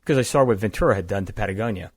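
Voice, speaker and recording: An older man with a low voice tells his story in a relaxed, rambling way, backing up to correct himself as he goes. He sounds close to the mic in a dry, dead room. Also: very fast, slightly rough, dry recording. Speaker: company founder and guest. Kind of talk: conversational storytelling interview.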